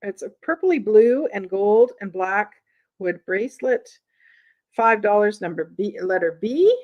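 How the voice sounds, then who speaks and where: Slow-talking woman hosting a vintage sale. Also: mid-range voice, lively intonation, dull audio. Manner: chatty, reads prices and lot numbers to viewers. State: has the hiccups. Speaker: live sale host. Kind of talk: live-streamed vintage sale chat.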